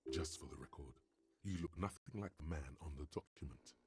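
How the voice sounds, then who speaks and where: The narrator of a video game, speaking in the second person with dry wit. His voice is extremely deep and gravelly, thick with fry. It comes out husky and rough. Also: expressive, fairly quick, mellow, heavily acted. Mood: wry. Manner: dry, wry, gravelly storyteller.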